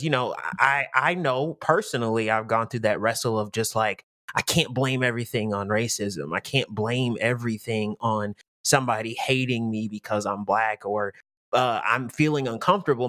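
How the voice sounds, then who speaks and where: A man's voice: mid-range voice, a bit bright, no echo. Reflective man, dry podcast voice. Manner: reflective, speaks in halting restarts. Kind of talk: casual podcast discussion.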